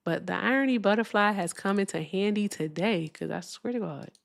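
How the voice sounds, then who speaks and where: A woman hosts a political live stream from a desk mic at home. Her delivery is animated and emphatic, with swearing along the way. She slows right down to hammer each point home. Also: mid-range voice, vocal fry. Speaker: livestream political host.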